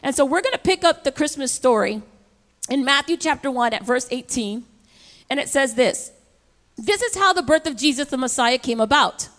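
A woman pastor preaching a lively, emphatic sermon and calling on her congregation to respond. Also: sits high, moderate pace, big-room sound.

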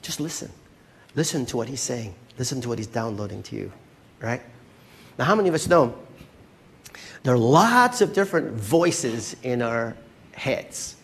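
A male pastor preaching in a loose, conversational way, with an easy, moderate-pitched voice. He keeps his listeners involved and often checks in with a quick question. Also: very animated. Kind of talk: sermon.

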